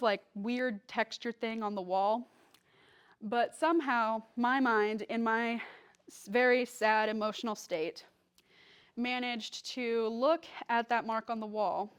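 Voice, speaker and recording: A woman's voice: fairly high pitch, clear, resonant tone. Young woman telling a story at church. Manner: casual storytelling with fillers, acts out quoted lines. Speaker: guest speaker. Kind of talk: personal testimony to a church.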